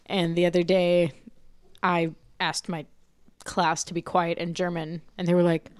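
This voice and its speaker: Lively laughing woman podcast host. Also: on the low side, moderate pace, clean tone, dry recording. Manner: animated storyteller, laughs often, acts out quotes. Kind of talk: casual chat. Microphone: studio podcast mic.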